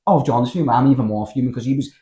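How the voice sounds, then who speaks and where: A young man with a Scouse accent, telling a story in casual podcast chat, animated and full of slang and swearing. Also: mid-range voice, racing. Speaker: podcast host.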